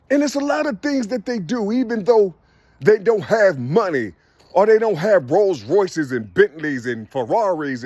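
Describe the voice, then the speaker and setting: A husky, high-voiced man preaches a rambling street monologue, his voice swooping up and down as he keeps asking "you see?" and breaks into laughter. The sound is dry and close, with no room echo. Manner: drops to a soft murmur when talking to birds.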